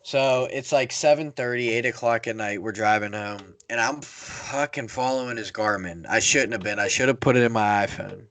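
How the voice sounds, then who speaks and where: A young man spins a rambling road story in casual podcast chat, swearing freely and getting animated as he goes. His voice sits at an ordinary middle pitch, recorded dry and close with little room sound. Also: normal speed, hardly any pauses, no echo. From Pittsburgh area. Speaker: podcast host.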